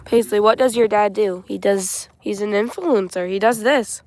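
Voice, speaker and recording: A young woman with an Arkansas Southern accent and a raspy voice, chatting on a farm livestream and reading viewer comments aloud. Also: mid-range voice, moderate pace, a little mellow. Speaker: co-host, daughter. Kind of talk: casual livestream chat. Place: outdoors on a farm.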